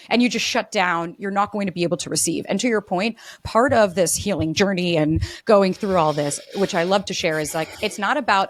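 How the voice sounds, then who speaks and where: Guest coach, woman, mid-pitched, fluent and conversational, dry close recording. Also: fairly quick, few pauses, no room sound. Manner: fluent, uses "like" often, acts out example dialogue. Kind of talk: casual interview chat.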